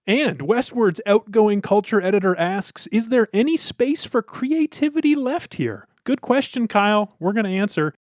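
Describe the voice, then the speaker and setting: Podcast host: American man, slightly high voice, playful delivery, dry studio sound. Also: expressive, normal speed, few pauses, no room sound. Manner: playful, theatrical opening reading. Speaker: producer and fill-in host. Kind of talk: podcast chat.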